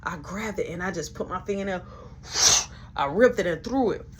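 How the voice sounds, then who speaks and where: A young woman telling a story in casual chat, animated and acting out the voices of everyone involved. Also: fairly low pitch, brisk, slight background noise. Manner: animated, acts out every voice, laughs along.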